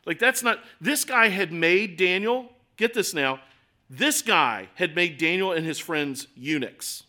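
A middle-aged man delivers a sermon in a chatty, animated style, acting out little asides as he goes. His voice sits a touch high and comes across bright and forceful. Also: measured pace. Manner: conversational, animated preaching with acted asides. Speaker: pastor.

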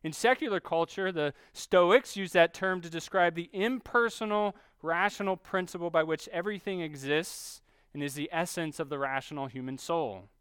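A man preaching a sermon, teaching steadily and slowing down to stress key phrases. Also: on the high side, fairly bright tone, clear, resonant tone, dry recording. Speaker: pastor.

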